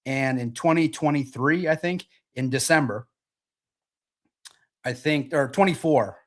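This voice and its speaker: A man's voice: mid-range voice, unhurried. A man in his forties hosting a sports podcast, talking in a brash, profane and boastful way in a casual livestream monologue. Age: 40s.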